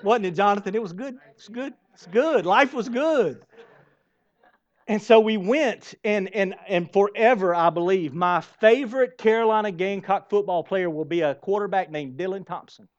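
A man's voice: sits high, moderate pace. A man preaching a sermon, emphatic and storytelling, repeating phrases for effect. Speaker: pastor. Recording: dull lo-fi sermon recording.

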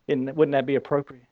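A man with a Southern accent preaching a sermon, telling a story with lively acted-out scenes. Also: medium pitch, no room sound, phone-quality sound. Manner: animated storytelling, acting out scenes. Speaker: pastor.

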